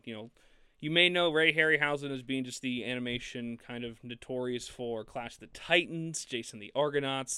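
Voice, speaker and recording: On a film podcast, a male co-host with a bright, smooth, medium-pitched voice chats in a casual, animated way, laughing often and restarting sentences. The recording is dry and close, with no room sound.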